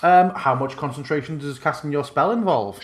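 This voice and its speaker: A man narrating as game master in a casual, loose way, pausing with ums while he checks rules. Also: on the high side.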